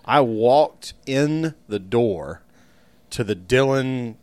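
A man co-hosting a casual sports podcast who speaks in a reflective, unhurried way, often pausing on fillers. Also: mid-range voice, expressive, a little mellow, no room sound. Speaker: podcast co-host. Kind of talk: casual chat.

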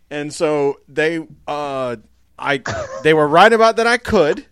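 A man's voice: on the high side, animated, measured pace, fairly bright tone, clear, resonant tone, no echo, studio quality. A man in his thirties co-hosting a podcast, telling a long story in a rambling, laughing casual chat. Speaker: podcast co-host.

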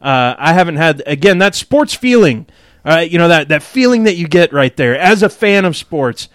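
A man chats as a podcast co-host, telling stories in an excitable, animated way. His voice sits a bit on the high side. The sound is close and dry. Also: moderate pace, dry recording. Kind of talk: casual chat.

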